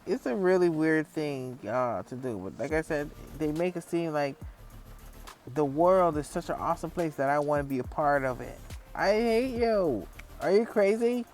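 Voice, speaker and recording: A vlogger talking in a casual, rambling monologue, swearing a lot and full of fillers, acting out other people when telling stories. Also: mid-range voice. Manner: profane, rambling, frequent fillers; lively storyteller acting out others.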